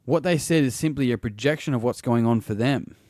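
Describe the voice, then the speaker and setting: A man talks through his ideas on his own podcast in an everyday middle-range voice, and the recording is close and dry. He is blunt and swears freely, often stopping to restart a sentence. He sounds like a coach thinking out loud rather than reading a script. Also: medium pitch, fairly quick, no echo. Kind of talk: casual solo podcast monologue.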